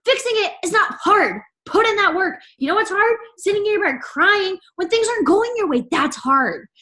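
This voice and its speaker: A woman's voice: very high voice, animated, moderate pace, bright, forceful tone. A young woman giving a fired-up motivational team talk, preachy and emphatic, peppering her lines with "like" and "right?".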